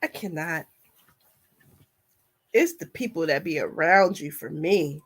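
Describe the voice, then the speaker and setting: A woman, talking emotionally as a commentary vlogger, trailing off and restarting as her voice swings between quiet and loud. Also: low-pitched, expressive, slow, husky.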